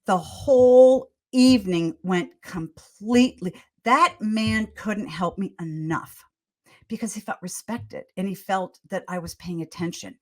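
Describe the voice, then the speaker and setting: A woman's voice: fairly low pitch, measured pace, fairly bright tone. Older woman doctor on a podcast, earnest storyteller, trips over her words and repeats herself. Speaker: pediatrician and parenting author, guest. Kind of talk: conversational advice in a podcast interview.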